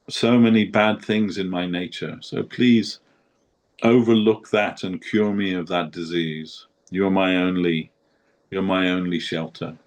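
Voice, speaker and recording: A man's voice: sits low, a little mellow. A man giving a devotional talk in an earnest, humble, prayerful manner. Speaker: devotee speaker.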